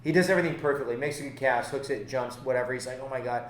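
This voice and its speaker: A male fishing captain tells a story in a casual podcast chat, acting out both sides with lively energy. His voice sits at a middle pitch. It rings out in a roomy space with a faint hiss behind it. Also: rapid-fire. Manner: animated, acts out both sides of his stories. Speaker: fishing guide and boat captain.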